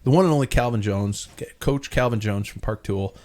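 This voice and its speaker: A man's voice: lowish voice, a little fast. A middle-aged man hosting a casual podcast chat, telling stories with lots of laughs. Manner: animated storyteller, laughs often, acts out quotes. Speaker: podcast host.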